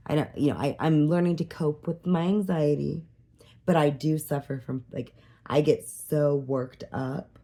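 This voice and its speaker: This thirtysomething vlogger has a low, mellow voice with fairly even intonation and a slightly slow pace. Her personal vlog is casual and rambling, full of restarts and fillers like "like" and "you know," and she gets worked up easily.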